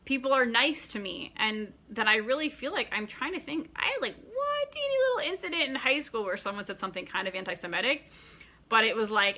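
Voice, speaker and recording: Woman, thirties, bright voice; casual vlogger, rambling story delivery with fillers and laughs. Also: a little high. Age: 30s. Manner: chatty, many fillers and restarts; laughs often while talking.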